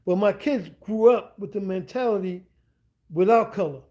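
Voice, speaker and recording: A man's voice: high-pitched, normal speed, darkish tone. A middle-aged man talking casually on a livestream from home, rambling and repeating himself with slangy asides to his viewers. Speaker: streamer and language teacher. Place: at home indoors.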